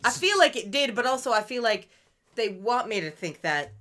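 A woman's voice: on the high side, moderate pace. A woman co-hosting a casual podcast, recapping a TV episode in chatty talk and acting out characters' lines. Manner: animated, chatty, acts out characters in quotes. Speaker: podcast co-host. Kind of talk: casual chat recapping a TV show.

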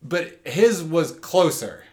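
A man's voice: a little high, sing-song, takes it slowly, darkish tone. Laid-back man chiming in. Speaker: podcast co-host. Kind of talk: casual recap chat.

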